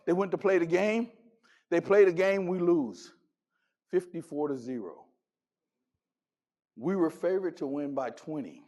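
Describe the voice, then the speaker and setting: A man delivers a motivational keynote in a high voice. He tells personal stories with emphasis and acts out each exchange. He speaks with the force of a practiced stage speaker. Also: a little mellow, dull audio. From Texas. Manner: dramatic, acts out dialogue, emphatic.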